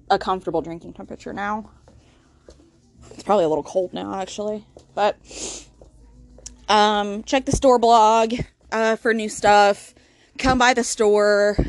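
A woman's voice: medium pitch, dry recording. A woman hosting a solo podcast, rambling and self-deprecating with lots of ums. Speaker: podcast host. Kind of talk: casual solo podcast chat.

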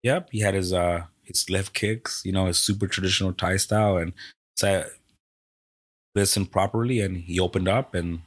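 A man's voice: sits low, normal speed. A man who owns a Muay Thai gym and coaches fighters, chatting casually on a podcast, telling stories with swearing and acted-out quotes. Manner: animated storytelling, acts out quoted exchanges, swears freely.

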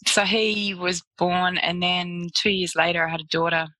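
A woman's voice: on the low side, steady tone, moderate pace, bright, forceful tone, dry recording, low-quality recording. An Australian woman, a photographer, chatting as an interview guest and telling stories with frequent laughter. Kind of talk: casual storytelling interview.

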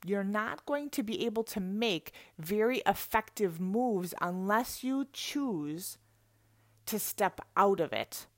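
Energetic woman coach, dry sound. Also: medium pitch, slow pace, dry recording. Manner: energetic, conversational, laughs often. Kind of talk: motivational talk.

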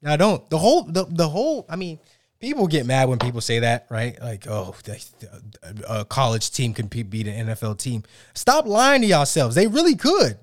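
Male co-host, animated ranter, mid-pitch, dry booth sound. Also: normal speed, dry recording. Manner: animated, ranting, many restarts. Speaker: sports podcast co-host. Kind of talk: casual sports banter.

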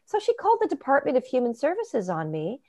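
A woman guest, a nutritionist, telling animated stories with emphatic asides and laughs. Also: high-pitched. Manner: emphatic, quick asides, laughs between points. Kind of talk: animated storytelling.

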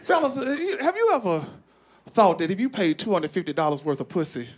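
Speaking fairly quickly, a Southern-accented man from Arkansas performs a profane, animated stand-up set before a laughing crowd in a large live comedy venue. His storytelling swings widely in pitch as he slips into voiced characters, with live crowd laughter and noise throughout.

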